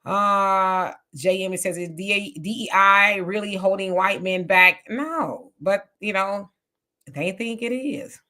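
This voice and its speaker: A woman's voice: mid-range voice, takes it slowly. Chatty woman reading live comments. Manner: chatty and animated, reacting aloud with laughs and exclamations. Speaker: livestream host reading viewer comments. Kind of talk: casual live chat.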